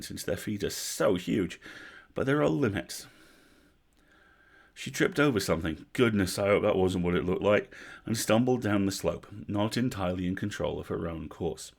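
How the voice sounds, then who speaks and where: A man reading a story aloud on a livestream, measured, with wry asides. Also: lowish voice, big pitch swings, creaky, husky. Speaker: story reader.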